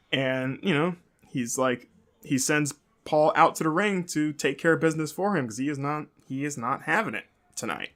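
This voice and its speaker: A man's voice: a little high, fairly bright tone. Chatty man recapping, fillers galore. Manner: rambling, leans heavily on "like" and fillers. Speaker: podcast host. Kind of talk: casual wrestling recap.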